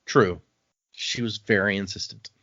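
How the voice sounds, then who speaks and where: A man's voice: on the low side, steady tone, a little slow, fairly bright tone, dry recording. A man co-hosting a book podcast, casually recapping chapters and acting out characters' lines. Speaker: podcast co-host. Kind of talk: casual book-club chat. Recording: dull, dry home podcast mic.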